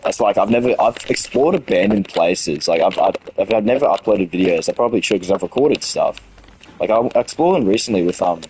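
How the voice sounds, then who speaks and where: Low-voiced Australian teen streamer ranting. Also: male voice, a little mellow, a little hiss or hum, low-quality recording. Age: late teens. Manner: rambling, heated storytelling with frequent restarts and swearing. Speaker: gaming streamer. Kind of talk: casual stream chat.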